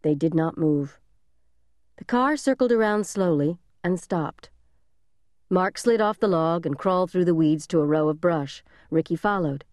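A woman narrating a thriller audiobook in a measured, suspenseful reading, close to the microphone. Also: lowish voice, darkish tone, no room sound. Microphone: close studio mic.

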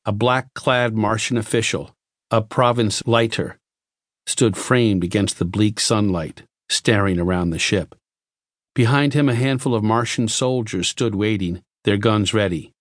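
A man narrating an audiobook in a measured, even scripted reading. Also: fairly low pitch, no echo, studio quality.

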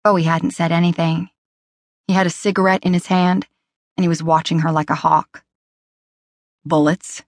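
A woman reading a romance novel aloud as an audiobook narrator, in an even, measured storytelling manner. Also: lowish voice, no echo, clean studio sound. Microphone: close studio mic.

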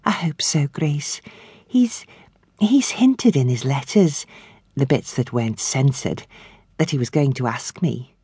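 Woman doing a shy, hushed young woman. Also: extremely low pitch, animated, measured pace, slightly rough, no room sound, full character voice. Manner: hushed and hesitant.

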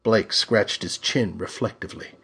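A man narrating a pulp thriller audiobook in a measured, dramatic reading style. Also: lowish voice, vocal fry, a bit bright, husky.

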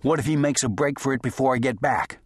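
A man's voice: mid-range voice, quick pace, breathy edge, no echo, studio quality, pitched above the performer's own voice, natural voice. A man voicing a hotheaded, greedy frontier deputy with a pushy, raised delivery. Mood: eager.

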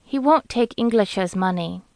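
A woman voicing a quiet, weary young wife in an audiobook, speaking softly. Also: medium pitch, unhurried, dry recording, clean studio sound, natural voice. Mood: earnest. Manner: soft and quiet.

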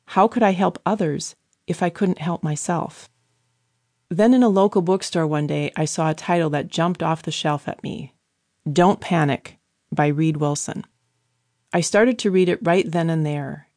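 A woman giving an earnest, measured first-person audiobook narration on a close studio microphone. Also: deep voice, a little mellow, dry recording.

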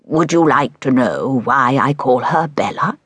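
A woman voicing an old, blind male shopkeeper in a storybook reading, slow and deliberate with a gently teasing manner. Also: rumbling low, expressive, slightly rough, no echo, full character voice.

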